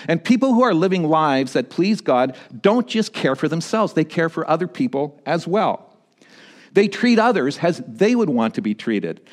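A pastor delivering a sermon, swinging between emphatic high points and quieter, low-voiced storytelling. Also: male voice, moderate pace. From Canada. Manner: animated preaching, rising to emphatic peaks and dropping low for stories.

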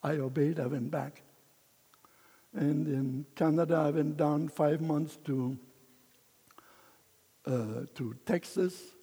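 An older man shares his testimony in a soft, mellow, husky voice that sits fairly high. He talks at an unhurried pace and often chuckles at himself. A long reverb from a big hall trails each phrase. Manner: emotional storyteller who chuckles between lines. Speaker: missionary speaker. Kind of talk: personal testimony talk.

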